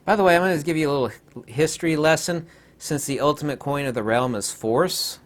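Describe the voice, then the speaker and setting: A man's voice: fairly high pitch, a little fast. A man hosting a rambling, sarcastic commentary video, full of digressions and mocking asides.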